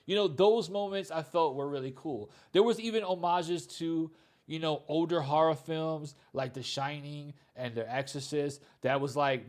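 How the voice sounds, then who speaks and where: A man's voice: a little high, expressive, moderate pace. A man reviewing a movie in a loose, candid, conversational way, with plenty of "you know" and "like.". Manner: candid, blunt opinions. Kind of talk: casual spoken movie review.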